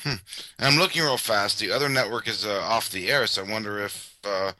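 A man's voice: fairly low pitch, a little fast, sharp tone, no room sound. A man co-hosting a show, chatting in an amused way while reading viewer comments.

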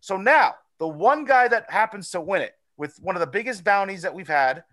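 High bright-voiced guy hosting a podcast, rambling and cussing a lot. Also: moderate pace. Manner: animated, rambling, profane. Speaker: podcast host. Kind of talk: casual chat.

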